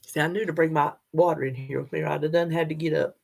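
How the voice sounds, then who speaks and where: A woman's voice: deep voice, fast, gravelly. An older woman, chatting casually and directly to her viewers in a vlog. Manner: chatty, animated, talks straight to viewers. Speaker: vlogger.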